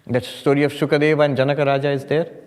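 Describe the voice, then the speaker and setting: A man's voice: a little high, flat delivery, racing, darkish tone. A man, a monk, leading a meditation retreat, telling stories with humor and rising emphasis. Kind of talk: spiritual talk to an audience. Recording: hall with long reverb. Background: audience laughter.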